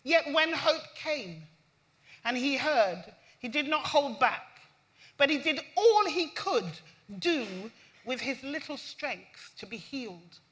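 A woman's voice: sing-song, takes it slowly, a bit bright. A woman preaching a sermon, reading scripture and speaking with impassioned emphasis. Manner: impassioned, rising pitch on emphasis.

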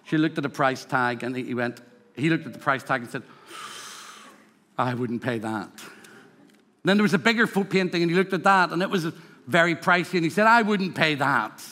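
With a Northern Irish accent, a man preaches a sermon to a congregation, weaving in stories and humorous asides in an emphatic, rhythmic style. His voice is a bit high and fairly bright, and he speaks quickly. The hall around him is reverberant.

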